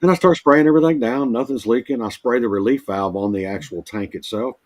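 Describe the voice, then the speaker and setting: A man's voice: medium pitch, a little fast, darkish tone. A man working as a mobile RV technician, telling folksy repair stories in casual conversation over a livestream call. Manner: easygoing, folksy anecdotes. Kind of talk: casual storytelling.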